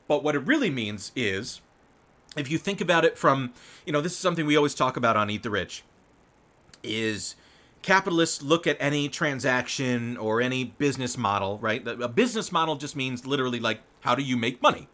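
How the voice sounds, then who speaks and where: A man's voice: mid-range voice, expressive, normal speed, sharp tone. A man hosting live political commentary, reading news aloud and breaking in with rambling, swearing asides and frequent laughs. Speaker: show host.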